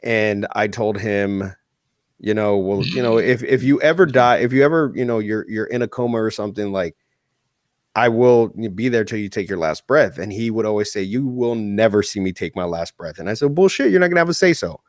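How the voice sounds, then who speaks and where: A podcast co-host tells a heartfelt personal story in casual chat, swearing a lot. His voice sits on the low side at a moderate pace, in studio quality with no room sound.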